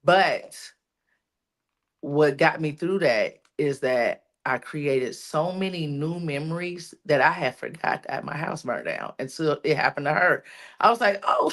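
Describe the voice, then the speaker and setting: A woman's voice: deep voice, unhurried. A woman on a podcast sharing a personal testimony, repeating lines for emphasis like a preacher. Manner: repetitive, preacherly encouragement. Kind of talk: emotional testimony.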